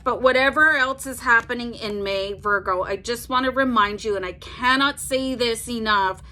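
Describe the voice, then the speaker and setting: Bright-voiced chatty woman tarot reader. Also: a little high, moderate pace. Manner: chatty, fills with "like", tags "okay?" on sentences. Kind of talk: casual tarot reading to camera.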